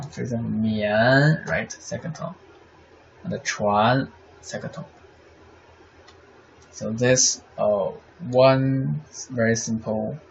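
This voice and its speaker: A man teaching the meter of Chinese poetry, halting with many fillers and checking "right?" often. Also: mid-range voice, vocal fry. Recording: slightly dull sound with faint noise.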